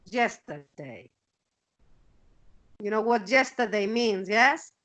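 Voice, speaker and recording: High-voiced Spanish-accented woman teaching online. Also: measured pace, pushed and bright, poor audio. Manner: repeats words while searching, checks with "okay?". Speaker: English teacher. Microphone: video call.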